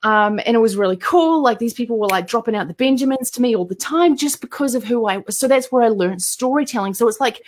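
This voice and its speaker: A woman's voice: a little high, quick pace, hardly any pauses, slight background noise. Chatty New Zealand woman. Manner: chatty and animated, with many fillers and restarts. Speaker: entrepreneur guest. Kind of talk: casual interview storytelling.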